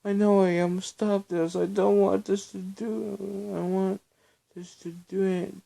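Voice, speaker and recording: A man's voice: high voice, flat delivery, slow, gravelly, warm tone, pitched above the performer's own voice, full character voice. A man voicing a terrified young woman in a spoken story, stammering and screaming hysterically.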